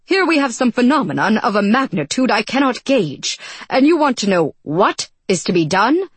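A man's voice: extremely high pitch, sing-song, moderate pace, husky, no room sound, voice pushed up, exaggerated voice. A woman reading a storybook voices a gloomy, despairing male court astronomer who talks to his servant with exasperation and scorn. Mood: exasperated.

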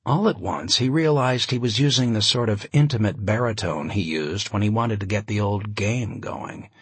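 A man reading a novel aloud, a measured and expressive narration with a wry touch. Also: on the low side, slightly rough, no room sound. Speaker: audiobook narrator. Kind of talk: scripted narration.

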